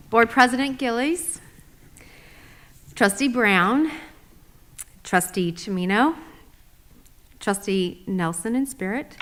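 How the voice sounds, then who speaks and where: A middle-aged woman teacher giving formal, organized public comment at a school board meeting. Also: a little high.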